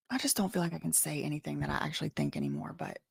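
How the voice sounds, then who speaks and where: Woman, lively pitch, dry close sound, casual commentary, sighing, lots of fillers. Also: fast, vocal fry, slightly rough, dry recording. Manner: filler-heavy, sighing, uneasy. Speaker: commentary vlogger. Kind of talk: casual commentary, reading a chat log aloud.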